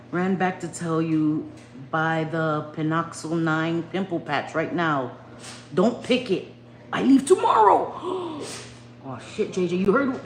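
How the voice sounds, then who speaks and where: A middle-aged woman chatting casually on a home live stream, loud and swearing, laughing a lot. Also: lowish voice. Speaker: livestream host. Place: home bedroom at night. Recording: echoey room with faint noise.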